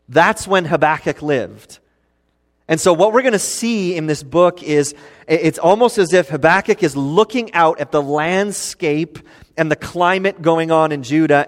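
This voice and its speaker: A man teaching a sermon, explaining a Bible passage in an earnest, animated way. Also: a little high, big-room sound. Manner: earnest, animated when voicing complaints. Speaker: preacher.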